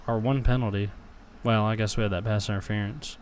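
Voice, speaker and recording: A man's voice: on the low side, fairly even intonation, fairly quick, slight background noise. A young man reacting live to a football game, grumbling and cursing at his team and then erupting into cheers on big plays. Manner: frustrated, swears, talks back to chat.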